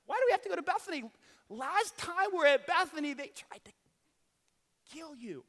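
A preacher putting on anxious, pleading disciples. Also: male voice, extremely high pitch, expressive, fairly quick, sharp tone, voice pushed up, full character voice. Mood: worried. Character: anxious, worried male disciples questioning their teacher. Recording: long hall reverb.

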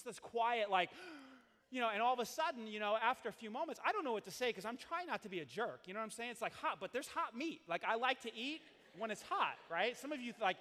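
A middle-aged man co-hosting a marriage talk, telling rambling, animated stories full of restarts. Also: sits high, in a large hall. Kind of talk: casual storytelling talk.

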